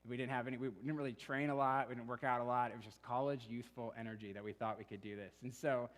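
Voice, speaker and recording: A young man preaching a sermon in a relaxed, conversational way, telling stories and acting out quoted voices. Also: medium pitch, fast. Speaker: pastor. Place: church hall. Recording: long reverb of a church hall.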